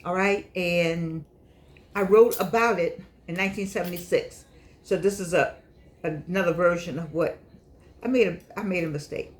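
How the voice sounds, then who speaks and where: A woman's voice: fairly low pitch, moderate pace. An older woman talking casually to her viewers, chatty and scolding, who repeats herself and speaks slightly unclearly because she is missing teeth. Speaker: vlogger and author. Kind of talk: casual monologue to camera.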